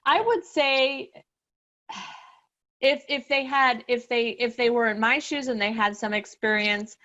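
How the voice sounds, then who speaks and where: A woman's voice: a little high, sharp tone. Woman guest on a podcast, lots of ums and restarts, kinda muffled lo-fi audio. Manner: halting, many restarts and fillers, laughs nervously. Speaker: guest sharing her exam success story. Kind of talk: emotional podcast interview.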